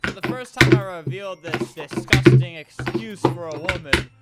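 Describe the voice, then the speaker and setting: A young man in his twenties giving comedic gameplay commentary with dark, deadpan jokes and playful storytelling. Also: sits high, moderate pace, very noisy. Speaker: gaming video creator. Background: loud background music.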